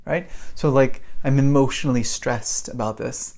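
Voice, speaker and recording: A man in middle age talks through a personal story on his own podcast. He is chatty and animated, and he slips into acting out his own past reactions as he goes. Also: medium pitch, moderate pace, hardly any pauses. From United States. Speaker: podcast host and English teacher. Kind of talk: casual storytelling monologue.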